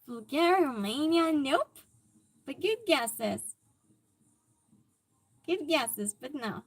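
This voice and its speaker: High-voiced, unhurried woman streamer. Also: expressive. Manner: chatty, reacting to chat comments aloud. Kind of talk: casual live-stream chat.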